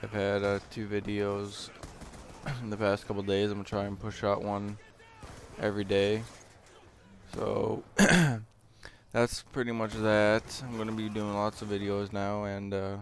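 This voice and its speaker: A man's voice: fairly low pitch, little pitch movement, unhurried, a little hiss or hum. A young man giving casual, rambling gameplay commentary, full of hesitant fillers.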